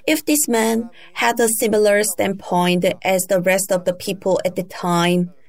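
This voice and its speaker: A woman preaching a sermon, retelling a Bible story in a deliberate storytelling manner. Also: medium pitch, steady tone, vocal fry. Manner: slow, deliberate storytelling with emphatic raised cries for quoted shouts.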